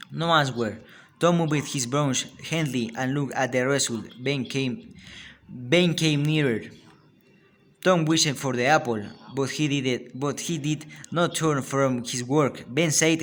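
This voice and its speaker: A man with a Spanish accent reads a story aloud at a very slow pace. His voice sits at a medium pitch. The delivery is halting, with frequent restarts. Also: a bit bright. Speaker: student.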